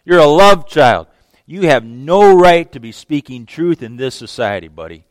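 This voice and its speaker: A man's voice: fairly high pitch, sing-song, normal speed, no echo, voice pushed down. A man voicing scornful religious leaders who mock and dismiss a healed beggar. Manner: mocking, dismissive.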